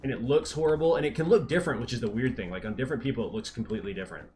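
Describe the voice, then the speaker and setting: A man's voice: medium pitch, very fast, darkish tone, faint music behind. A man from Texas with a mild Texan accent, chatting casually and rambling with many restarts and fillers while live-streaming. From Texas, USA.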